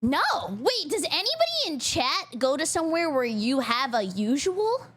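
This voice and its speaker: Woman streamer, reaction commentary, high pitch, very animated delivery, giggly, talks to chat. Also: normal speed. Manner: giggly, joking asides to chat.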